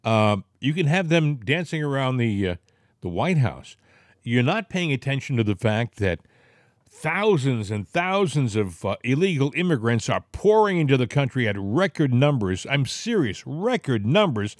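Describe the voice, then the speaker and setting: A man's voice: medium pitch, sing-song, normal speed, dry recording, studio quality. A man with a Boston accent hosting a political talk show, rambling and indignant with plenty of filler words. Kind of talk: casual political chat.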